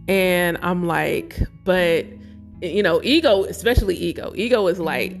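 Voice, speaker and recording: A woman speaking slowly and emotionally about her spiritual life, close to tears at times. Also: lowish voice, soft background music. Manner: slow, emotional, searching, near tears. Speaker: spiritual vlogger. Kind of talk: reflective personal talk.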